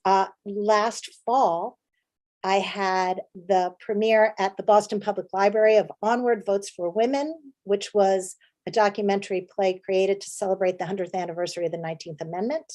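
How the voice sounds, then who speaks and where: An American woman talks through a presentation about her theater work. She speaks in a relaxed, conversational way, full of ums, uhs and restarts. She sounds like she is on a video call. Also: medium pitch, normal speed. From United States. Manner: chatty with frequent fillers and restarts. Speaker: playwright and director giving a talk.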